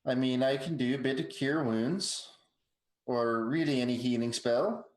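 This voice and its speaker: Man with a halting voice in a roomy space. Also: medium pitch, darkish tone. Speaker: player. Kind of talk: casual chat at a tabletop game. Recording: roomy echo.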